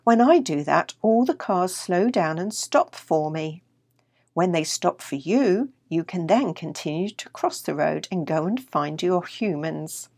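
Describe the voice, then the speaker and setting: A woman voicing a playful little brown male dog who puts on a gruff, loud voice in a storybook. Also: on the low side, expressive, unhurried. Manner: gruff put-on bark of a voice, louder.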